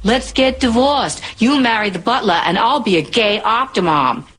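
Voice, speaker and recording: A man putting on a mocking impression of a brash New woman, in an exaggerated high voice. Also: lively intonation, normal speed, a bit bright, slight background noise.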